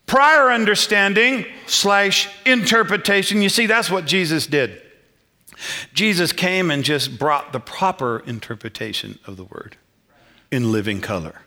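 A man preaching a sermon as pastor in a church, animated, swinging between loud and quiet, with frequent chuckles. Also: very high voice.

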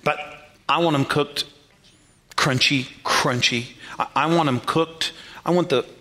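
A man's voice: a little high, fairly even intonation, normal speed, a bit bright. A middle-aged male pastor preaching a sermon in a conversational, self-deprecating way, calling on the congregation to repeat words and respond.

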